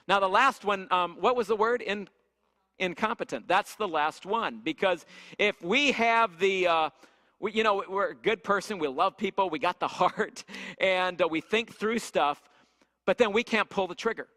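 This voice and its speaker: Energetic man teaching in an echoey hall. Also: high voice, moderate pace. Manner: energetic, storytelling, asks audience questions. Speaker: leadership workshop leader. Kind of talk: church leadership seminar teaching. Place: church hall. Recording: echoey hall with long reverb.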